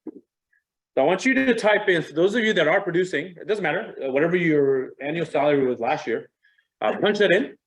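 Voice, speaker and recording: A man's voice: a little high, expressive, brisk, rough recording. A middle-aged man giving a casual training talk to real estate agents. He speaks conversationally and animatedly, with a self-deprecating manner.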